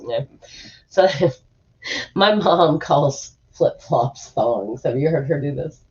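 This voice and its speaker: A woman's voice: low voice, lively intonation, slow pace, a little mellow. Chatty woman streamer, slightly muffled. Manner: rambling and chatty, with frequent fillers and asides. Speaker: streamer host. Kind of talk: casual chat, reading an article aloud. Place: room at home.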